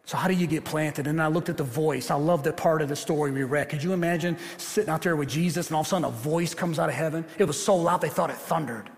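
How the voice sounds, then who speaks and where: A man preaching a sermon as pastor, swinging between quiet, low passages and loud, rising ones. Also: fast talker, few pauses. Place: church sanctuary. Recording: long reverb of a church hall.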